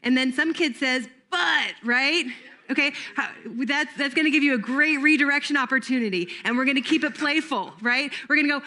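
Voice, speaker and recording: A woman's voice: sits high, quick pace, bright, forceful tone. A middle-aged woman giving a playful camp training talk to volunteers, laughing often and breaking into made-up jingles.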